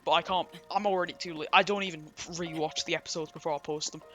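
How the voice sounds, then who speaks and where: English dude rambling and joking through a let's play, bright voice, bit of game music in the back. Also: male voice, fairly high pitch, steady tone, fast talker, lo-fi sound. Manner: chatty, rambling, jokey. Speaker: gameplay streamer. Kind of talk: casual let's-play commentary.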